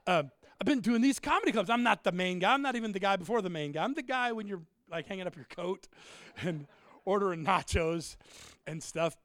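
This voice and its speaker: High-voiced, joking preacher. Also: male voice, fairly quick, dry recording. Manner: animated, joking, shouts and drops to asides. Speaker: pastor. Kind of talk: humorous sermon.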